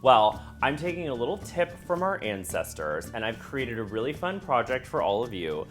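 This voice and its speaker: A man hosting a home cooking tutorial, upbeat and chatty, who talks straight to his viewers and jumps up in pitch when he gets excited. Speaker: cooking video host.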